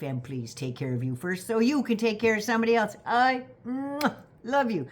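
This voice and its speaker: An older woman with a Canadian accent rants directly at her viewers in a sarcastic, scolding tone. She swears freely and pushes into loud, indignant bursts. Her voice sits at a middle pitch for a woman. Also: expressive, moderate pace. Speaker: vlogger. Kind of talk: direct-address political rant.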